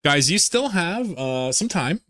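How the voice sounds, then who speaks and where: A man's voice: on the high side, sing-song, a little slow, bright, forceful tone, no echo, clean studio sound. A man live-streaming a game, chatting casually and joking with viewers, swearing now and then.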